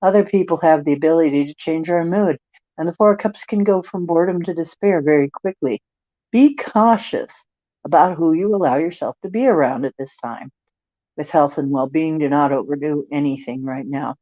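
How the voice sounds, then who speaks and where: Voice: mid-range voice, normal speed, dark tone. An older tarot reader on a livestream, reading card texts with rambling, joking asides. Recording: dry, dull lo-fi stream audio.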